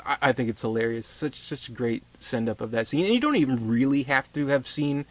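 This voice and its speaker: Casting: chatty male movie reviewer, mid-pitched, rambling delivery, dry close sound. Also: expressive, a little fast, dry recording. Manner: rambling, many fillers and restarts. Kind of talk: casual film review.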